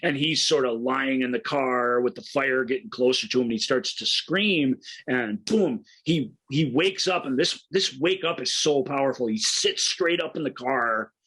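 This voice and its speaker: A man in the middle of a casual film discussion, talking at an ordinary pitch. He retells scenes with real enthusiasm and often restarts his sentences as he goes. His delivery is loose and conversational rather than scripted. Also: normal speed, few pauses, a bit bright, breathy edge, low-quality recording. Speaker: film podcast co-host.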